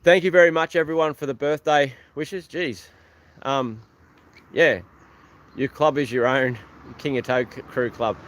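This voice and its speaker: A man's voice: medium pitch, fairly even intonation, measured pace, no echo. An Australian man chatting casually on a livestream outdoors, rambling and thanking viewers by name. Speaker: livestream host. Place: outdoors beside an old truck.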